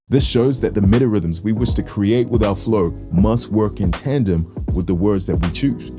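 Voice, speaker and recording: A man teaching music theory for rap, explaining with clear, methodical delivery and vocal rhythm demonstrations. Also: on the low side. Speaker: music educator. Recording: music bed behind voice.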